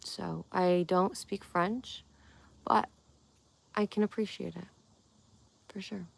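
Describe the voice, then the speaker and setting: A woman's voice: lowish voice, fairly even intonation, takes it slowly, gravelly. A young woman from Connecticut hosting a casual livestream, chatting playfully and answering comments one by one. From Connecticut, USA. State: tired. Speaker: livestream host.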